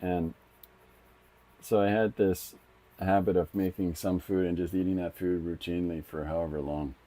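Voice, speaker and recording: Low mellow-voiced middle-aged man. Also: flat delivery, moderate pace. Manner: rambling, thinks aloud with frequent restarts. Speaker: comic artist streaming his drawing. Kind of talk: casual live-stream chat while drawing.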